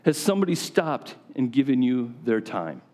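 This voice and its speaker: A man delivers a sermon to a gathering of men, his voice sitting at an ordinary mid pitch. He talks conversationally, drawing his listeners in with frequent direct questions. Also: very animated, normal speed, a little mellow. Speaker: preacher.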